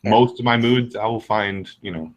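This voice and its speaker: A man's voice: on the low side, normal speed, dull audio. Candid rambling male host. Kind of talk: casual chat.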